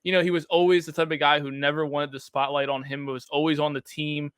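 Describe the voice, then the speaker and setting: A man's voice: fairly high pitch, level tone, fast talker, a bit bright, clear, resonant tone, no echo, studio quality. A man co-hosting a sports podcast in a laid-back, agreeable casual way, with many fillers. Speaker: podcast co-host.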